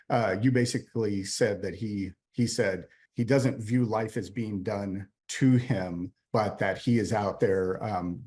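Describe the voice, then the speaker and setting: Low-voiced man, earnest CEO guest. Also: a little mellow. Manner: earnest, emphatic, with frequent fillers. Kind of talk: conversational interview answers.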